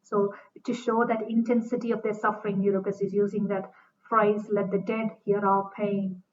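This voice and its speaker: A woman's voice: medium pitch, little pitch movement, moderate pace, a little hiss or hum. A woman giving a literature lecture, reading lines from a play aloud and then explaining them in plain words, with fillers and restarts. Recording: dull distant recording.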